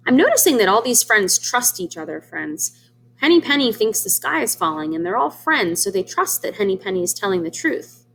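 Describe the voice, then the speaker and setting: Woman, teacher reading aloud, children's storybook, explains words, asks the kids questions, lively expressive pitch. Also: moderate pace, vocal fry. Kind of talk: children's read-aloud lesson.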